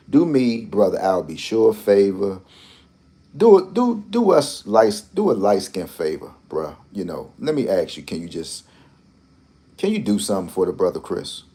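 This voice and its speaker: Rambling man with a low mellow voice. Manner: rambling, repetitive, teasing. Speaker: lottery channel host. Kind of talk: casual commentary.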